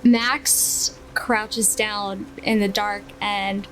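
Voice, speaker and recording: A woman's voice: medium pitch, little pitch movement, very slow, a bit bright, soft background music, rough recording. A woman playing a tabletop game, telling her character's actions in the third person with some hesitation. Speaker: player. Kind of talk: tabletop role-play.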